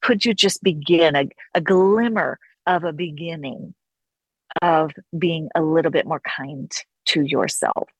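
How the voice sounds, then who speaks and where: A woman speaks as an interview guest in a fairly low voice, earnest and reflective. She draws out her key phrases slowly for emphasis. The sound is dry and close, with no room echo. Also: slightly rough. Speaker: guest author and counselor. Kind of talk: conversational interview.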